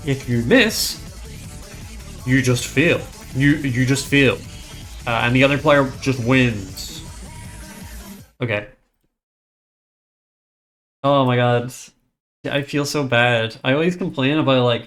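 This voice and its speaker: A man's voice: medium pitch, slow pace, gravelly, pauses often, a bit bright. Chatty male game caster over music. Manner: chatty, frank, gets flustered and swears over tech trouble. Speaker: tournament caster. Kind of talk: casual live game commentary.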